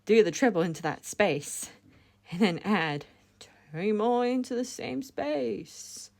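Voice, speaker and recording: In a relaxed step-by-step crochet demonstration, a woman chats along, fixes her own mistakes and laughs them off. She takes it slowly, her mid-range voice creaky with a darkish tone.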